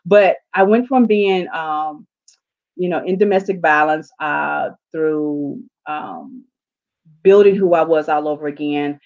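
A woman's voice: low-pitched, slow, narrow, tinny audio. A woman, a life coach telling her story in an interview and acting out her own dialogue. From southern United States. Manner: animated, acts out her own dialogue in quotes.

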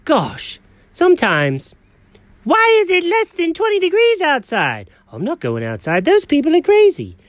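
A performer voicing an excitable, chatty male house cat who frets aloud and bursts into dramatic outcries, in a one-person comedic audio story. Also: high voice, measured pace, dry recording, pitched above the performer's own voice, heavily acted. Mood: scheming. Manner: talks to himself, frets, dramatic outbursts.

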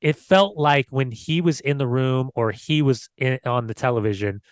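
A man's voice: mid-range voice, normal speed, no echo. A man co-hosting a football podcast, talking in a loose, conversational way and searching for words. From United States. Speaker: podcast co-host. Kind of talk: casual football podcast chat.

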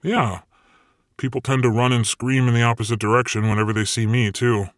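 A man's voice: medium pitch, fairly even intonation, fairly quick, no room sound, clean studio sound, lightly acted. A man narrating an audiobook voices a terse, sardonic male devil. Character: gruff, exasperated male devil.

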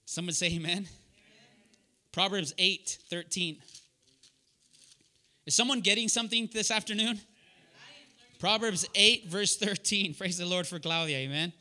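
A man's voice: high-pitched, unhurried, pauses often, pushed and bright. A man preaching a sermon to a young adults group, earnest and direct, telling personal stories and calling on listeners by name. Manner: calls on listeners by name and asks them questions. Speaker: preacher leading a young adults Bible study.

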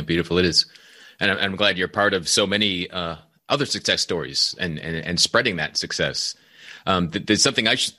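A male interviewer with a low but bright, forward voice. He asks his questions hesitantly and trips over words as he goes.

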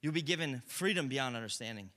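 A young man preaching a sermon in a conversational, animated way, swinging between loud bursts and hushed moments. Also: mid-range voice, quick pace.

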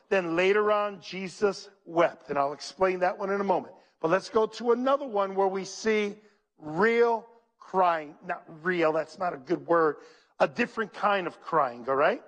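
A pastor with a high-sitting voice delivers a sermon at a slightly slow pace. He calls out to his congregation and reads scripture aloud in an animated, preacherly way.

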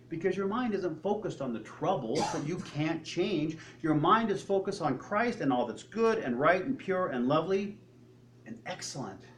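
Older guy preaching, kinda high voice, chatty, plays out little back-and-forths, faint room hum behind. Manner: conversational, acts out dialogue with God and the congregation. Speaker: pastor. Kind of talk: sermon.

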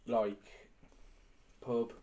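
A man's voice: mid-range voice, flat delivery, extremely slow, mellow. A man co-hosting a podcast in casual chat, making dry teasing remarks. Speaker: podcast co-host.

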